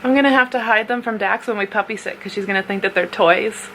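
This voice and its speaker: A woman's voice: mid-range voice, fast, fairly bright tone. A young woman from North America chatting casually as she unboxes a gift box, often laughing and squealing at cute things. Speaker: vlogger. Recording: noisy home recording.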